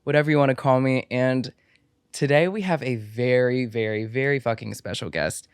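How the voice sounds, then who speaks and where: A man's voice: mid-range voice, normal speed, clean tone, dry recording, studio quality. A man from the Washington, D.C. area hosting a podcast with playful, campy, profane banter. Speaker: podcast host. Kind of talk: casual podcast chat.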